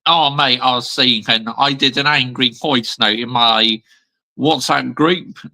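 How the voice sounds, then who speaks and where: Brief: male vlogger, bright gravelly voice, slow and lively, blunt emphatic rant. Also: mid-range voice, poor audio. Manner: blunt, emphatic, repeats "yeah?" and "mate". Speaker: football channel host. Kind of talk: ranting fan vlog.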